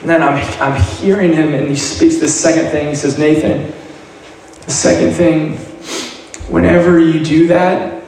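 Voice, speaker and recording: Man, faith testimony, earnest and halting, slightly high voice, very echoey room, distant mic. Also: steady tone, a little mellow. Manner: earnest, halting storytelling with frequent restarts. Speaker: guest sharing testimony. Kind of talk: personal testimony. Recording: very echoey room, heard from a distance, light noise.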